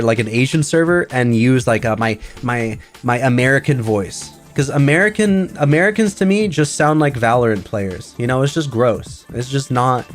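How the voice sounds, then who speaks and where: A man streaming as a VTuber, chatting casually in a rambling way full of fillers and restarts. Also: medium pitch. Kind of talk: casual livestream chat.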